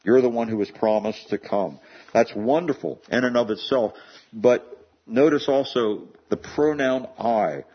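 A man's voice: mid-range voice, measured pace, slightly rough, lo-fi sound. A man preaching a sermon in an earnest way, often repeating words as he builds a point. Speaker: pastor.

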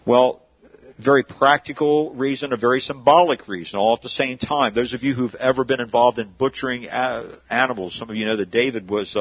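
A pastor preaches in an easygoing, conversational way, posing questions and answering them himself. His voice is husky, and the recording sounds dry and somewhat dull. He speaks at a middling pitch. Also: no echo. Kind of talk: sermon.

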